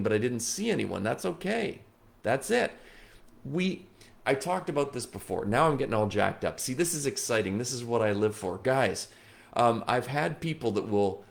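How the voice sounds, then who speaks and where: A man hosting a late-night livestream as a psychic medium, reading viewer comments at his computer, moving between soft, slow reflection and excited chatter. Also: on the low side, creaky. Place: indoors at a computer.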